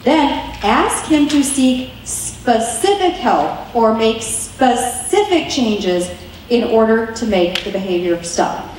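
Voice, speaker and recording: A woman's voice: on the high side, very animated, slow pace, a little mellow, a little hiss or hum. A woman giving an earnest, chatty teaching talk to wives, often acting out what to say. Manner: earnest and chatty, slips into quoted dialogue. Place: meeting room. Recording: very echoey room from far off.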